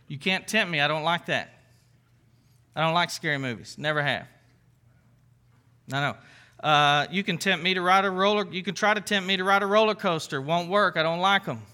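A man's voice: fairly high pitch, a little fast, pushed and bright. A man preaching as a pastor in a conversational sermon, earnest and playful, often restarting his sentences.

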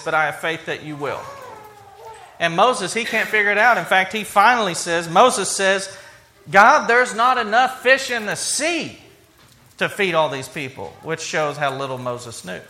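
This preacher's high voice sounds pushed and bright, with a little hiss or hum in the audio. His sermon is conversational, he performs quoted lines, and his delivery is full of stumbling restarts and fillers.

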